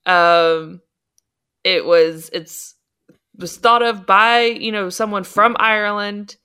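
A woman's voice: mid-range voice, steady tone, slow, bright, forceful tone, clean tone. A woman co-hosting a podcast in casual chat, explaining things patiently with frequent hesitations. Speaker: podcast co-host.

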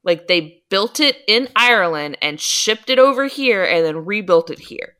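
A woman's voice: mid-range voice, expressive, moderate pace, bright, forceful tone. A woman co-hosting a podcast in casual chat, explaining things patiently with frequent hesitations. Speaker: podcast co-host.

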